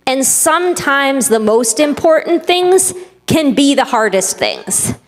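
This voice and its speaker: A woman rabbi giving a children's sermon in an earnest, gentle teaching tone, recorded in a synagogue sanctuary. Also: high voice, sing-song, takes it slowly. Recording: long hall reverb.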